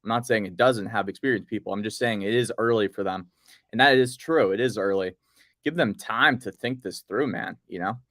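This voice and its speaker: A man's voice: fairly low pitch, fairly quick, no room sound, studio quality. A man co-hosting a casual podcast, rambling through notes and reading bits aloud. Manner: relaxed, rambling, reads project notes aloud. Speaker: podcast co-host. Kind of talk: casual crypto news chat.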